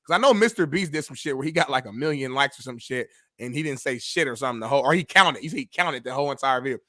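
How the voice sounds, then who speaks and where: A man's voice: medium pitch, animated, very fast, sharp tone, dry recording, clean studio sound. A man co-hosting a casual sports podcast, laid-back and profane. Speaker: show co-host.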